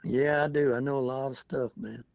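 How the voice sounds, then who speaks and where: A man's voice: medium pitch, fairly even intonation, fairly quick, crowd noise. A man in his seventies, a veteran telling stories in an oral history interview, chatty and often laughing as he acts out what people said. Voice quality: gravelly, husky. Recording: dull lo-fi dry recording.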